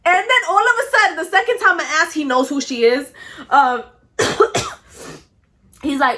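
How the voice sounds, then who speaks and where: A young woman telling a storytime in a casual vlog, talking in an animated, blunt way, swearing freely and coughing now and then. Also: extremely high pitch, measured pace, long pauses. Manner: coughs often between phrases.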